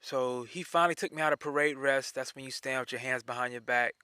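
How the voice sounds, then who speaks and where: A man telling a personal story in a casual, animated way, often repeating himself. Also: medium pitch, quick pace, clear, resonant tone, no room sound, studio quality.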